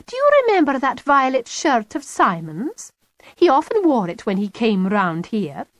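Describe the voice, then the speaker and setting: A woman's voice: a little high, big pitch swings, a little slow, no room sound. A woman voicing a cheeky, scheming young schoolgirl in an audiobook. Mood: needling.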